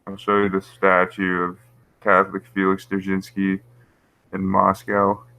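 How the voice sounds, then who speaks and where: The host of a casual YouTube livestream speaks in a deep, creaky, sharp voice with a completely flat delivery and a measured pace. Reading his chat, he rambles on about conspiracies and keeps chuckling at his own remarks. The audio is low quality, without echo.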